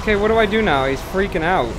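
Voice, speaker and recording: A man streaming a game live, swearing often and talking to the enemy, swinging from mutters to panicked shouts. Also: high-pitched, expressive, fast, noisy background. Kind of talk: live gameplay commentary.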